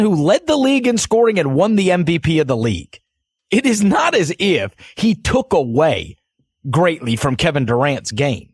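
A man co-hosting a casual sports podcast, with a somewhat high, husky voice. He talks with lively, animated swings in pitch. The sound is dry and close to the mic. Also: no echo. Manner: animated, with loud put-on voices and laughter. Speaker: podcast co-host.

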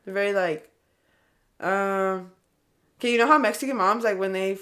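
A woman's voice: medium pitch, moderate pace. A young woman from California with a Californian accent, chatting casually and rambling with lots of "like" as she tells stories. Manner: rambling, heavy use of "like", animated storytelling. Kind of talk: casual chat.

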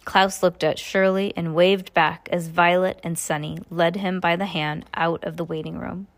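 A woman's voice: lowish voice, steady tone, normal speed. A woman, a parent, reading a book aloud to her child in plain narration with small stumbles and self-corrections.

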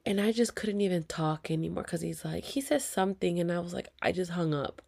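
A woman's voice: fairly low pitch, expressive, brisk, gravelly, hardly any pauses, darkish tone, husky. A woman, venting to viewers in a heated, profane story with whispered asides. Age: 30s. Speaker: vlogger.

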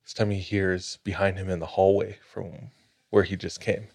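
A man hosting a podcast, telling a spooky story in a measured, suspenseful way. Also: low-pitched, flat delivery, creaky, a little mellow, no echo. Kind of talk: casual storytelling.

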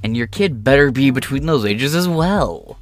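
A man's voice: mid-range voice, animated, moderate pace, soft background music. A man reading a news article aloud and breaking off into angry, profane, scornful asides. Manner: profane, scornful asides between read passages. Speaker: commentator.

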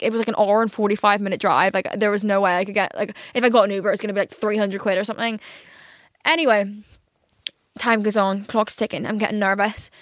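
A woman's voice: mid-range voice, fast, no room sound, studio quality. A young woman with a Northern Irish accent, hosting a podcast and telling a story in a rambling, swear-filled way with lots of filler words. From Northern Ireland. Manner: rambling, heavy on filler words, swears freely, animated venting. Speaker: podcast host. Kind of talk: casual storytelling monologue. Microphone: studio podcast mic.

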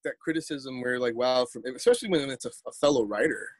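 A man's voice: mid-range voice, quick pace, no room sound. A man, a poet telling a story in a casual interview, rambling and repeating words as he acts out quotes.

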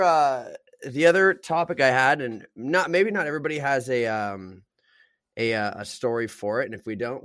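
A man's voice: medium pitch, fairly bright tone, no room sound, clean studio sound. A man hosts a casual talk in an everyday mid-range voice. He rambles a little and fills the gaps with ums and uhs as he brings up a new topic. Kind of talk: casual chat.

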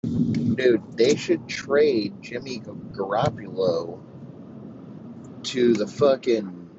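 Deep-voiced man, podcast host, crude rambling sports rant; lo-fi, slightly muffled. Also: slow pace, background noise. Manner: profane, rambling.

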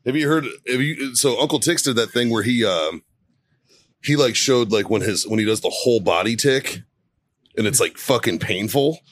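A man's voice: mid-range voice, lively intonation, moderate pace, no echo. A man hosting a podcast, chatting crudely with friends, laughing often and reading sponsor plugs. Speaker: podcast host. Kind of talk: casual profane banter.

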